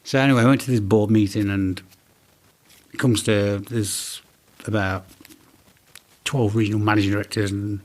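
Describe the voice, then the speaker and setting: A man in his forties telling animated business anecdotes in a casual interview, acting out the dialogue he quotes. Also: lowish voice, moderate pace. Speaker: business owner guest.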